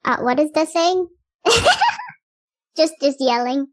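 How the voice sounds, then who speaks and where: Brief: woman, tabletop player, high bright voice, playful, slow drawn-out talk, laughs a lot. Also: a little hiss or hum. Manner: playful, dramatic, laughs often.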